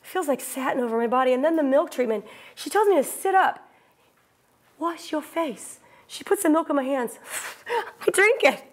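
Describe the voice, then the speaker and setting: A woman's voice: sits high, expressive, fairly quick. A woman performing a wry, breathless theatrical monologue from a solo stage show.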